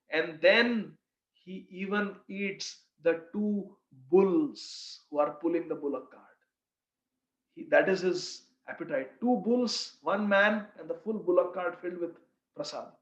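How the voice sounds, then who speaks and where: A man teaching a devotional scripture class through animated, expressive storytelling. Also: sits high. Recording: roomy, slightly dull recording.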